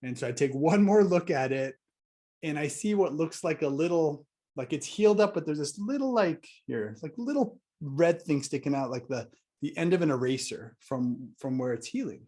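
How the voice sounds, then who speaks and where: A man's voice: on the high side, expressive, moderate pace, mellow. A middle-aged man telling a personal story in a casual vlog, wry and exasperated, with sarcastic asides. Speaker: vlogger.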